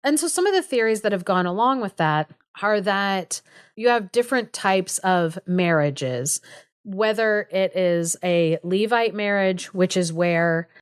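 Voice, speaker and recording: A woman's voice: mid-range voice, lively intonation, a little slow, clear, resonant tone, no echo, clean studio sound. A young woman co-hosting a podcast, casually retelling a fairy tale with lots of "like" and small laughs. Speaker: podcast co-host. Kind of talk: casual storytelling chat.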